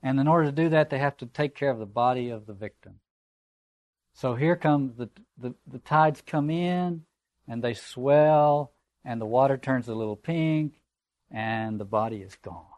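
A man's voice: mid-range voice, moderate pace, darkish tone, no room sound. A man giving a reflective, digressive literature lecture and reading passages aloud. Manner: reflective, digressive, conversational asides.

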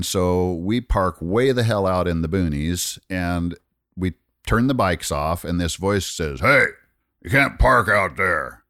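Deep-voiced man spinning a rambling yarn. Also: no echo, studio quality. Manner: rambling anecdotal storytelling with restarts and laughter. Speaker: guest storyteller. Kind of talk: casual storytelling chat.

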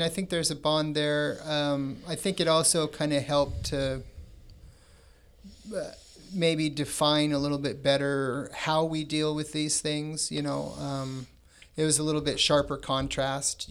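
A man's voice: a little high, vocal fry, clean tone. A middle-aged man, a podcast guest, talking reflectively and hesitantly with many fillers in casual conversation.

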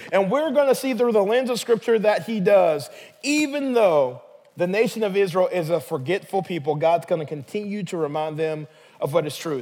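A man's voice: high voice, darkish tone, long reverb tail. A man pastor delivering a sermon in a conversational, emphatic manner.

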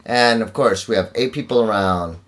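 A man's voice: on the low side, normal speed, a bit bright. A man, an actor, talking in a casual podcast chat, slangy and profane.

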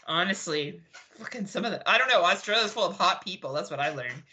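A woman co-hosting a horror podcast in loose, casual chat. Her voice is bright and forceful, her pitch swings in a lively way, and she laughs and swears freely. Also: fast, a little hiss or hum. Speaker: podcast co-host.

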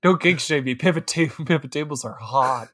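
A man's voice: a little high, normal speed, a bit bright, dry recording, clean studio sound. A man co-hosting a podcast in casual chat, giggling and laughing through his words. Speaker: podcast co-host.

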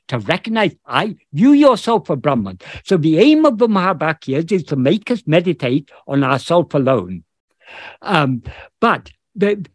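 Male spiritual teacher, British accent, lively rising and falling delivery, video-call talk, careful and halting. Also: high-pitched, dry recording, studio quality. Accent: British English. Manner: thoughtful, searching for words with many restarts. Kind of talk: explaining scripture in an online meeting.

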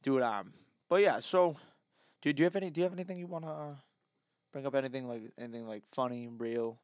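A man's voice: mid-range voice, fast talker, darkish tone, no echo, studio quality. A young man, co-hosting a casual podcast, joking and swearing playfully. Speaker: podcast co-host. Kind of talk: casual chat.

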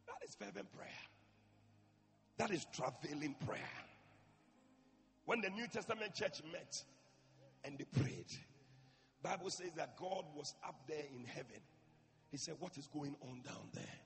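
Male preacher, high gravelly voice, impassioned and repetitive, recorded with a long church echo. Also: lively intonation, unhurried, pauses often. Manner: swings between shouting and hushed speech; repeats phrases for emphasis. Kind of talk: impassioned sermon.

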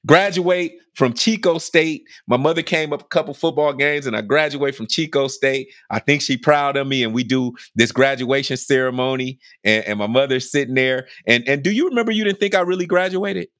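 A man telling a personal story on a podcast in a casual, animated way, repeating phrases for emphasis and acting out what people said. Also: mid-range voice, brisk, few pauses, no room sound, studio quality. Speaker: podcast speaker telling his life story.

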